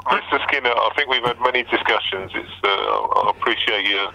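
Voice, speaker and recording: Male service desk staffer on a call, courteous and firm, lowish voice with a very bright edge. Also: brisk, gravelly, rough recording. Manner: polite but firm. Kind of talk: phone call.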